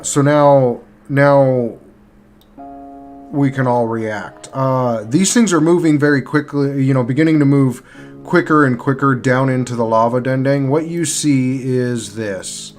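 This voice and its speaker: A man runs a tabletop game at an unhurried, halting pace, stopping mid-sentence to sort out his tools. His voice sits at an ordinary middle pitch, and soft guitar music plays faintly behind him. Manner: halting, pauses while working the game tools. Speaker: game master. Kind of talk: narrating a live-streamed tabletop game.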